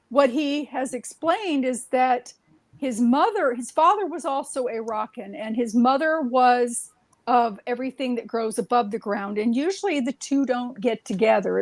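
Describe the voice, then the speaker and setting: A woman with a fairly high voice tells stories in a loose, rambling way, looping back with "um" and restarting her sentences. The sound is dry and close, with no room echo. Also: a little mellow. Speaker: guest. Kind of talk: casual conversational storytelling.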